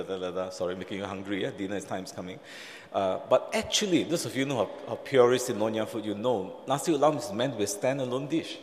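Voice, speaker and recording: A man gives a sermon in a church hall. He talks in an easy, conversational way, pausing and restarting, and acts out the lines he quotes. His voice rings with a long hall reverb. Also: fairly low pitch, darkish tone. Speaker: preacher.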